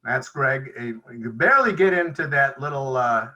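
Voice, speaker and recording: A man's voice: mid-range voice, lively intonation, normal speed, sharp tone, low-quality recording. A man sharing stories at a recovery meeting over a video call, chatty and acting out the dialogue he quotes. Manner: conversational, acts out quoted dialogue. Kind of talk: storytelling share.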